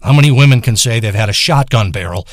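A man's voice: mid-range voice, animated, fast, dry recording, studio quality. A man delivering a crude, rambling, obsessive comic rant, repeating himself and stumbling over restarts.

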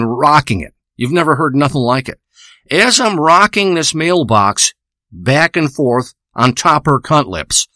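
A man's voice: mid-range voice, bright, forceful tone, no room sound. A man delivering a rambling, profane, boastful spoken monologue into a close microphone. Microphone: close studio microphone.

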